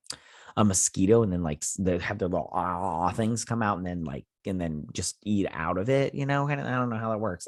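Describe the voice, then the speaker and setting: A man's voice: deep voice, dry recording, clean studio sound. A man hosting a TV review channel, casually recapping an episode in a rambling, chatty way with plenty of fillers and restarts. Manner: acts out characters' lines in quick impressions.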